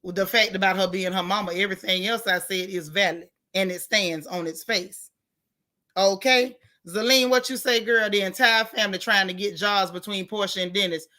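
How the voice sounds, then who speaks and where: A woman hosting a casual live stream, reading viewer comments and giving outspoken, animated reactions in colloquial talk. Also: medium pitch, moderate pace. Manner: outspoken, animated, colloquial, talks back to the chat.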